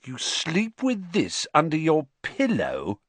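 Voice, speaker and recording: A man voicing a blunt, excitable teenage boy wizard in a raised voice. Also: on the high side, slow pace, husky, dry recording, voice pushed up, heavily acted. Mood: disgusted.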